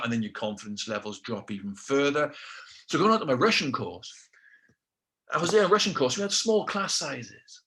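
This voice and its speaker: A man's voice: mid-range voice, big pitch swings, moderate pace, fairly bright tone. A middle-aged man with a British accent telling his own story casually, acting out quotes with self-deprecating asides. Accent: British English.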